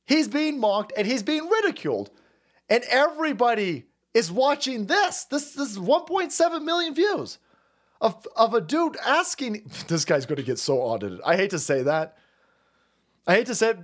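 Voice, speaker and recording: Guy streaming, swearing and mocking, lively high voice. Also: normal speed. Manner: mocking, swearing, laughing, swings loud and low. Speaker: political commentary streamer. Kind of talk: profane ranting commentary.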